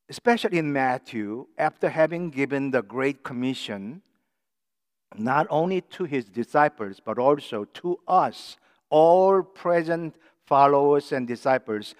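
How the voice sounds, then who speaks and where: A male pastor delivering a sermon in a church sanctuary, his smooth, resonant voice carrying a long reverb from the large hall. He speaks slowly and deliberately, stressing key words one at a time, with a slightly raised pitch. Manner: slow, deliberate emphasis on single words.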